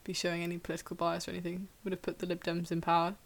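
A woman with a lowish voice leading a casual chat among friends. She puts questions to the others and laughs easily along the way. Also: completely flat delivery, racing. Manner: laughs often, asks questions. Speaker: podcast host asking questions.

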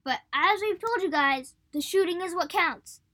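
A woman's voice: very high-pitched, lively intonation, moderate pace, fairly bright tone. A woman co-hosting a casual sports podcast, recapping match events with frequent giggles. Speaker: podcast co-host.

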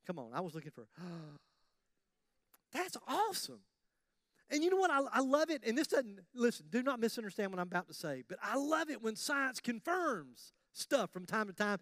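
A man preaching a sermon as pastor, animated and conversational, with jokes about himself. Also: high-pitched, moderate pace, long pauses, no echo, clean studio sound.

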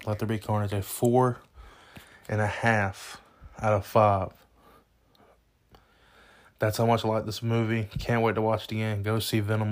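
A young man talks through a movie review in a loose, rambling way, restarting sentences and leaning on "you know." His voice sits low and stays fairly even in pitch, even when he gets excited. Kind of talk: casual spoken movie review.

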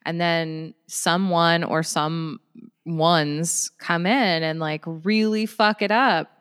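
Woman co-host, unhurried, reflective and supportive, lower pitch. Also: steady tone, clear, resonant tone, big-room sound. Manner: warmly affirming, reflective listener. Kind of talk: casual chat.

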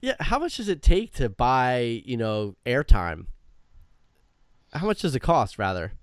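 A man co-hosting a podcast, chatting casually in a measured, reassuring manner with dry humor. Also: mid-range voice, big pitch swings, clean tone, no echo. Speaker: podcast co-host. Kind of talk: casual chat.

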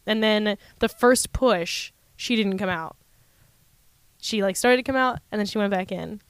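A woman's voice: medium pitch, a little slow, clean tone, dry recording. A woman in casual conversation, candidly telling a personal story and laughing often. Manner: candid, laughs often, quotes people in voices.

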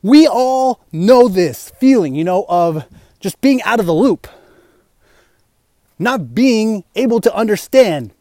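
Young male fitness vlogger, high voice, rambling and slangy, dry close mic. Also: animated, slow pace, warm tone, no echo. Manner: rambling, slangy, keeps saying "you know" and "bro". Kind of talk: casual chat.

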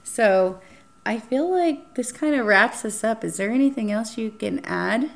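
A young woman hosting a casual podcast chat, telling a dating story with lively acted-out quotes and frequent swearing. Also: on the high side, measured pace, vocal fry. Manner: animated, acts out quotes, swears freely. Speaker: podcast host.

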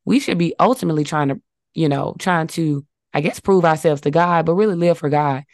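A woman's voice: low voice, a little fast, darkish tone, dry recording, clean studio sound. A woman co-hosting a faith podcast, affirming her co-host, reading verses and teaching in numbered points. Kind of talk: casual faith talk with scripture.

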